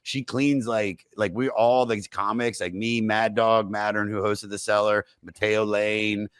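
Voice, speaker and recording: A man's voice: fairly low pitch, flat delivery, a little slow, fairly bright tone, clean tone, no echo. Joking podcast host man, dry sound. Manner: loose, joking, brief reactions. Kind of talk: casual chat.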